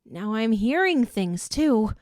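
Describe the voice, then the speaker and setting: A woman's voice: medium pitch, fairly even intonation, a little slow, darkish tone, dry recording, studio quality, voice pushed up, natural voice. A woman voicing a frightened teenage girl cheerleader who speaks in a tight, choked, shaky voice.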